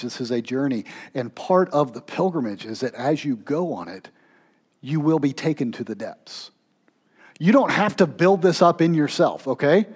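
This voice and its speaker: A man preaching a sermon as pastor, swinging between raised, pleading intensity and hushed, low-voiced emphasis. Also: slightly rough.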